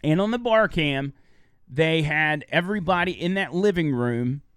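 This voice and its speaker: A man's voice: moderate pace, clear, resonant tone, no room sound, studio quality. A man co-hosting a radio show, casually chatting and telling stories animatedly. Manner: animated storytelling, high voice for quoted women. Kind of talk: casual chat.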